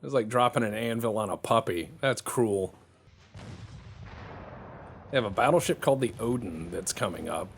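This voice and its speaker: A man's voice: on the low side, expressive, normal speed, creaky, pauses often, slight background noise. A man giving joking, casual play-by-play commentary on a strategy game. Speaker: gameplay commentator.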